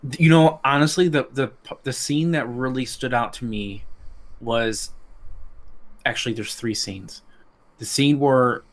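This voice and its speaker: A man talking as a guest on a casual podcast, rambling with many restarts and fillers, getting animated. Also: medium pitch, a little slow. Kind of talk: casual chat.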